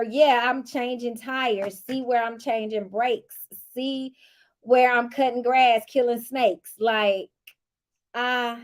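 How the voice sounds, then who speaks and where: Sassy high-voiced woman recapping. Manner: sassy and animated, teasing asides. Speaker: show recap vlogger. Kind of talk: casual chatty commentary.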